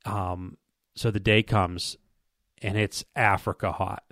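A man's voice: fairly low pitch, level tone, slow pace, fairly bright tone, no room sound, clean studio sound. A man casually telling a long hunting story, rambling and stumbling over repeated words while acting out what people said to him.

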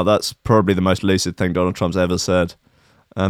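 A man's voice: deep voice, little pitch movement, brisk, no room sound, studio quality. A man hosting a show, reading news items aloud and breaking off for joking asides. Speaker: podcast host. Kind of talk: comedic news commentary.

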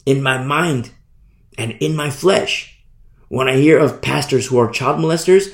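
A man's voice: medium pitch, unhurried. A man preaching a passionate sermon as a pastor, sometimes acting out the voices of the people he describes. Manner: impassioned, mimics people in quotes.

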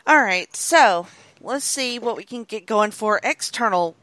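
A woman co-hosting a podcast in casual chat, relaxed and frank, swearing now and then. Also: fairly high pitch, unhurried, no echo. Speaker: podcast co-host.

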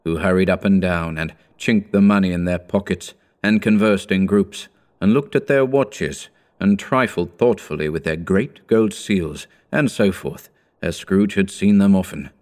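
Man, audiobook narrator, very deep voice, measured, steady reading.

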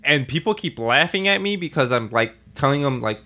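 A man's voice: mid-range voice, animated, a little fast, hardly any pauses, sharp tone. A man joins a podcast as a guest, cracking jokes and laughing often in easy, profane chat. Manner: jokey, laughs often, swears. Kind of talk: casual chat.

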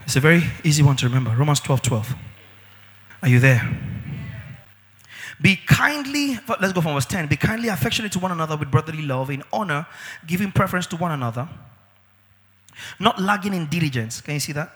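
A man preaching a sermon as pastor, emphatic, with sudden shouts and drawn-out words. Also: high voice, sing-song, big-room sound.

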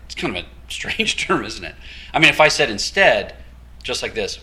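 Man preaching a lively, animated sermon. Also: medium pitch, normal speed. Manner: animated storytelling with quoted dialogue and light laughter. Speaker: guest preacher. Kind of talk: storytelling sermon.

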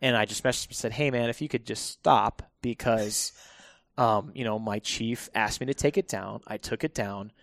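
A firefighter guest telling stories in a relaxed podcast conversation, laughing often and restarting his sentences. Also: mid-range voice, moderate pace, creaky, dry recording, studio quality.

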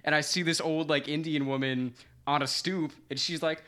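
A young man co-hosting a podcast, telling a story in casual chat, animated and swearing freely. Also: fairly high pitch, moderate pace. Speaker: podcast co-host.

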